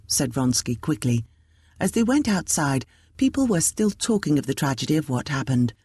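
A woman narrating a classic novel as an audiobook, measured and even. Her voice is low and slightly husky, and the recording is close and dry with no room sound. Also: no room sound.

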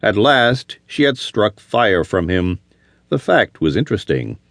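A man's voice: on the low side, sing-song, measured pace, creaky, fairly bright tone, no echo, clean studio sound. A man reading a western novel aloud as an audiobook narrator, telling the story expressively. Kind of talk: scripted narration.

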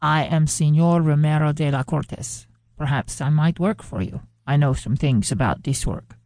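A woman narrator voicing a gracious, soft-spoken male ranch hand with a Spanish accent, formal and gentle in his speech. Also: low voice, normal speed, no echo, clean studio sound. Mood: courteous.

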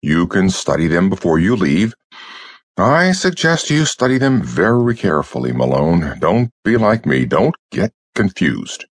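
A man voicing a nervous, muddled male FBI chief who turns fretful and sharp, in a storybook reading. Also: sits low, sing-song, a little slow, no room sound, full character voice.

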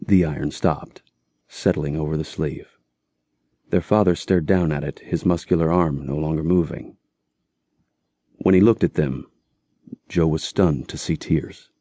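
A man narrating an audiobook in a steady, measured storytelling voice. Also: rumbling low, dry recording.

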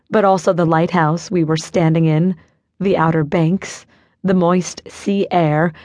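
Measured woman narrating an audiobook. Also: fairly low pitch, darkish tone, dry recording. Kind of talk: first-person scripted narration.

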